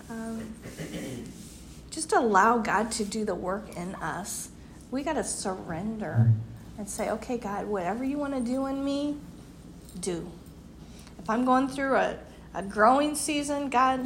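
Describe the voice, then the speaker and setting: Speaking at a women's group, a woman in her fifties gives an earnest devotional talk in a medium-pitched voice, laughing often and losing her voice. Her words tend to fade quiet at the ends, and there's a faint hiss or hum on the recording.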